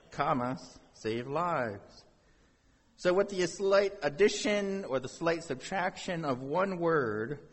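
A pastor with a mid-range, fairly bright voice preaches a sermon, speaking conversationally to the congregation and posing rhetorical questions. A long reverb tail trails his words.

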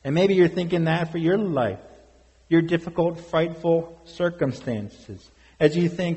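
A pastor preaching with earnest, questioning emphasis. His voice sits a little high for a man, and it rings with a long reverb in a church hall. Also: a little slow, warm tone. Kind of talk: sermon.

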